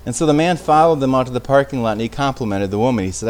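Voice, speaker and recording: A man's voice: medium pitch, racing, few pauses, a little mellow, slight background noise. A man teaching an informal Bible study in a conversational way, often restarting phrases and checking in with his listeners. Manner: conversational, with frequent restarts and tag questions.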